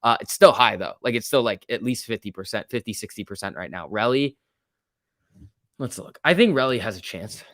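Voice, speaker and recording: A young man hosting a casual stock-market livestream, chatty and excitable, reading chat messages aloud. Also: fairly low pitch, brisk, dry recording, studio quality.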